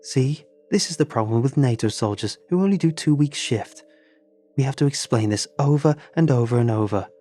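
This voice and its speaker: Blunt Russian woman soldier, voiced by a man; thick accent, raised pitch, clipped broken English. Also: lively intonation, moderate pace, mellow, faint music behind, lightly acted. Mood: exasperated. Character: stern tall Russian woman soldier, scarred.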